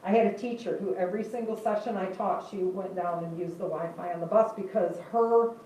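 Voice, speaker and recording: A woman's voice: mid-range voice, fairly even intonation, brisk, warm tone, recorded from a distance. An older woman gives a chatty, easygoing guest talk and turns to her audience with questions. Her voice carries off the walls of a very echoey room. She is heard from some way off the mic, with a faint hum of room noise underneath. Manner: chatty, laughs often, asks the audience questions. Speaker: guest speaker. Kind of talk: classroom talk.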